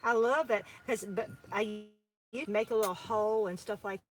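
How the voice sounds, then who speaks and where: A woman's voice: mid-range voice, moderate pace, slight background noise. Chatty woman planting seeds. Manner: chatty, rambling with many fillers. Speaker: farm co-host. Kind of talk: casual chat while planting seeds.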